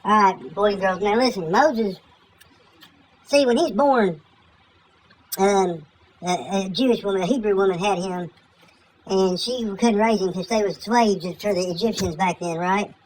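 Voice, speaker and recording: A woman retells scripture as a crude, profane comic story, with slang and rambling asides. Her voice sits at an ordinary pitch for a woman, and a faint hiss of noise runs beneath it. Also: a little slow, pauses often, low-quality recording.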